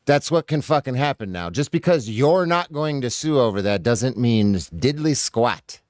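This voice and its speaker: A man's voice: medium pitch, lively intonation, moderate pace, a little mellow, no echo, studio quality. A man reacting to a clip in casual commentary, profane, sarcastic and combative.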